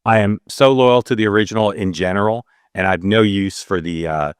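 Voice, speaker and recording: A man hosting an interview show, asking questions in a casual, halting way with frequent restarts. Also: on the low side, smooth, no room sound, studio quality. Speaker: host.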